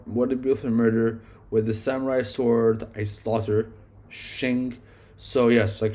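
With a warm, mid-range voice, a man reviews his favorite songs in a casual, rambling way, peppering his talk with swearing and endless "like"s as a music reviewer.

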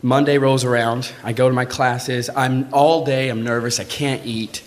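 A man telling a true personal story live on stage, in casual, swearing talk, acting out the voices of the people in it. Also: normal speed. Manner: animated, acts out quoted voices with big pitch jumps; swearing, conversational, frequent "like".

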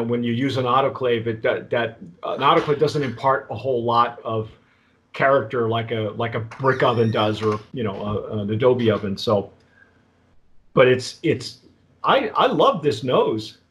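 A man hosting a casual tequila tasting chat, rambling and restarting often. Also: mid-range voice. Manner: rambling, halting, with many restarts and fillers. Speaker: tequila review host.

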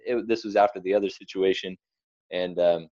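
A man's voice: low-pitched, steady tone, a little fast, darkish tone, no echo, highs cut off. A young man giving an earnest, rambling personal testimony as an interview guest. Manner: earnest, rambling storyteller with restarts.

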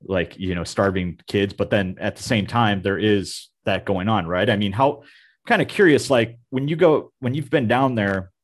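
Rambling low-voiced male interviewer. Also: moderate pace, few pauses. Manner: rambling questions full of likes and you-knows. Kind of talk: casual interview.

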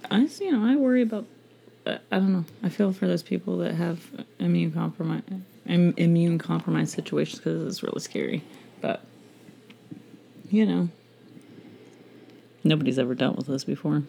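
A woman's voice: on the low side, moderate pace, gravelly, long pauses, dark tone. A woman in her thirties co-hosting a casual home podcast, rambling and laughing at herself. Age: 30s. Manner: giggly, rambling, self-mocking. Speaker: podcast co-host. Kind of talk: casual chat.

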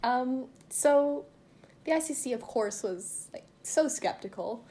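A woman with a high, expressive, mellow voice co-hosts a casual true-crime podcast. She tells the story fast and chattily, with lots of fillers and frequent laughter.

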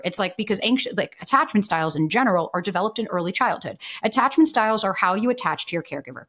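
Blunt, expressive woman guest. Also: mid-range voice, fast, hardly any pauses. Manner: blunt, expressive, swears freely, acts out quoted voices. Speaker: podcast guest, dating coach. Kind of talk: candid conversational storytelling.

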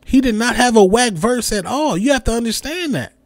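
A man's voice: very high voice, expressive, fairly quick, no room sound. A young man hosting a podcast, delivering a comedic rant with repeated catchphrases and mimicked voices. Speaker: podcast host.

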